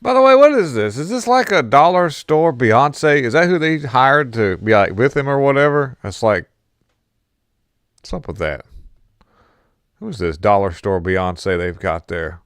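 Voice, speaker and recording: A man's voice: mid-range voice, animated, a little slow, fairly bright tone, no echo. Guy reacting to a clip, laughs a lot, voice jumps all over, dry close sound. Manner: laughs a lot, mocking and incredulous. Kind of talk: casual reaction commentary.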